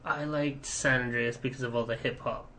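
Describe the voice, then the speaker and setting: A man's voice: medium pitch, fairly even intonation, moderate pace, crowd noise. A man co-hosting a gaming podcast, easygoing and teasing in casual chat. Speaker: podcast co-host.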